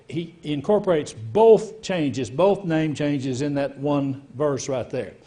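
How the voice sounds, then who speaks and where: A man's voice: fairly high pitch, warm tone. A man, a pastor, leading a Bible study and explaining verses step by step while asking the class questions. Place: church.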